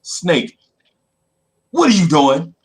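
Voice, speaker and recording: A man's voice: a little high, sing-song, very slow, heavily acted. A man voicing a blunt male eagle in a spoken fable. The eagle speaks in a curt, slangy way.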